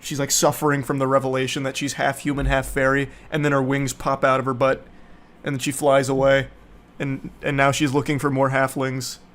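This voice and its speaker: A man's voice: mid-range voice, monotone, brisk, a bit bright. A man giving casual, rambling movie commentary, sarcastic, profane and mocking.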